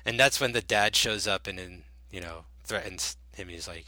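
A man's voice: low voice, normal speed, pushed and bright, no room sound, rough recording. A man guest on a podcast, talking casually about a film, full of fillers and acted-out lines. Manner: rambling, filler-heavy, acts out lines.

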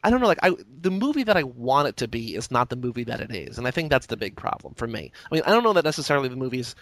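A man's voice: medium pitch, very animated, very fast, a bit bright, dry recording. A man co-hosting a casual film discussion podcast, talking hesitantly with many fillers and restarts. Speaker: podcast co-host.

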